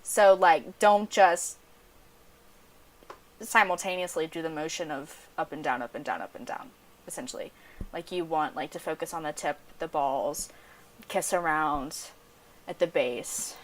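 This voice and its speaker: A woman's voice: low-pitched, moderate pace, long pauses, slight background noise. Frank, giggly American woman podcast host. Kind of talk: casual chat.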